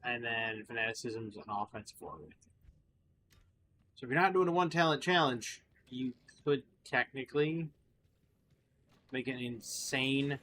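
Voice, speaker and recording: A man's voice: medium pitch, a little slow, pauses often, bright, forceful tone, slight background noise. A tired man commentating casually on his gameplay, rambling with fillers and restarts. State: tired, yawning. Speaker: gaming channel host.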